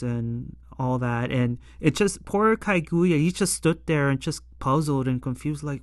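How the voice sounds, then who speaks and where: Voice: mid-range voice, a little slow, hardly any pauses, no room sound, studio quality. A show reviewer recapping an episode in casual, rambling talk full of fillers and exasperated asides. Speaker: anime and tokusatsu episode reviewer.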